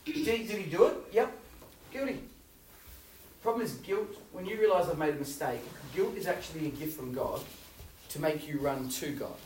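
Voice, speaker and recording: Man, youth sermon, animated storytelling, loud-to-hushed swings, slightly high, distant mic. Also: moderate pace, slight background noise. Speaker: youth pastor. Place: youth hall. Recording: roomy hall, voice from far off.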